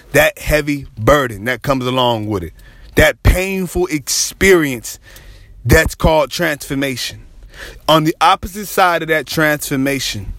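A man preaching with fervent, repetitive intensity, his voice sitting a little high for a man. He stretches phrases and lets some lines rise into a half-sung cry. The sound is close and dry, with no room around it. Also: fairly bright tone, no echo. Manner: impassioned, repetitive, dramatic pauses, half-sung cries. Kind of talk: sermon.

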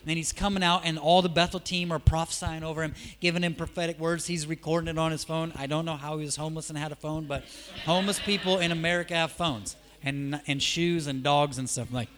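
A man preaching in a church, his voice sitting a little high for a man. He tells stories in a relaxed, chatty way, then climbs into loud, emphatic peaks before dropping back to quiet asides. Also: fast talker, slight background noise. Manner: animated, conversational, swings from soft asides to loud emphatic peaks. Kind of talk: sermon with storytelling.

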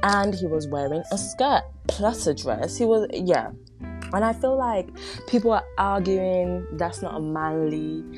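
A woman's voice: on the low side, animated, unhurried. A young woman hosting a casual podcast from home, rambling, giggling and tripping over her words, with no microphone nearby. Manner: giggly, self-deprecating, stumbling over words. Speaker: podcast host. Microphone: no microphone nearby, phone or device. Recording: unedited home recording with faint music. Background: pop music playing softly.

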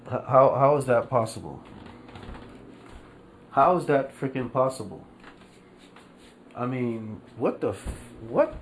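On a casual podcast he runs by himself, a man speaks at medium pitch with lots of expression, accompanied by a slight hiss or hum. His disbelieving rant is profane and meandering, packed with fillers and repetition, and he draws out words for emphasis.

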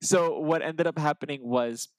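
Excitable young man telling a story. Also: fairly high pitch, moderate pace, no room sound. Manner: animated storyteller, excitable, acts out dialogue. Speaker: podcast co-host. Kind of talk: casual chat.

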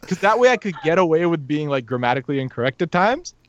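A young man casually telling a story on a podcast, animated, laughing often and acting out what people said. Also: on the high side, fast, muffled recording, over a noisy crowd.

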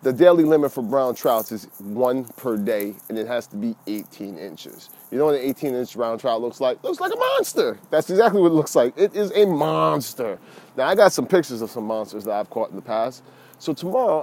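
A middle-aged man talks in a casual, lively monologue, calling his listeners "y'all" and drifting into preachy advice. His voice is mellow and warm, set at an ordinary middle pitch for a man. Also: brisk. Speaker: fishing podcaster.

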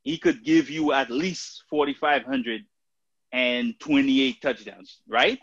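A man's voice: medium pitch, slow, a bit bright, husky, no echo. A man co-hosting a casual sports talk show, hesitant with many fillers and restarts. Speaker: podcast co-host. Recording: dry, dull lo-fi sound.

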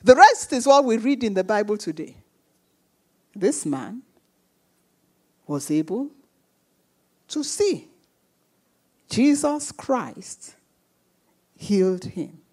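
A woman's voice: mid-range voice, big pitch swings, slow pace, pauses often, darkish tone. A woman preaching a sermon with emphatic repetition, acting out the voices of the people in her stories. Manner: emphatic, repeats phrases, acts out quoted voices.

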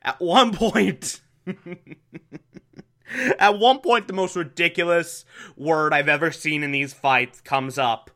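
A man's voice: fairly high pitch, slow, pauses often, pushed and bright. A man giving a casual, amused recap of a TV episode, often breaking into laughter.

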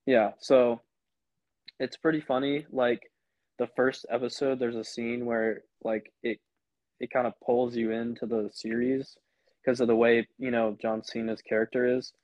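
A man's voice: mid-range voice, little pitch movement, a little slow, a little mellow, no room sound. Young man rambling on a dull, dry podcast mic. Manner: rambling, retells scenes with quoted voices. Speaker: podcast co-host. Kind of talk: casual chat.

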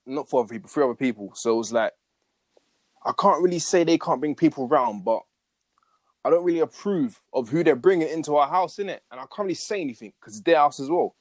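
A man's voice: on the high side, lively intonation, fast talker, darkish tone, dry recording. Young man, dry close voice. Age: young adult. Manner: slangy, matter-of-fact retelling. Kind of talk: casual storytelling chat.

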